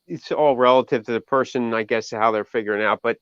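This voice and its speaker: A man's voice: medium pitch, steady tone, quick pace, fairly bright tone, smooth, no room sound, highs cut off. A man, a guest musician, telling casual stories from touring in a rambling way with many fillers and restarts. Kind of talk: casual storytelling.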